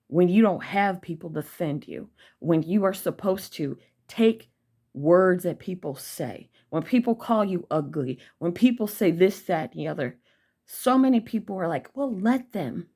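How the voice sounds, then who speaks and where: A lowish, warm-toned young woman talks to her viewers as a vlogger. Heated and blunt, she swears her way through an angry personal story.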